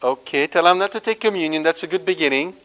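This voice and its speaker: A man preaching to a live congregation, animated, questioning the audience and swinging between loud emphasis and quiet asides. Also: on the high side, fast talker. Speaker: Catholic preacher.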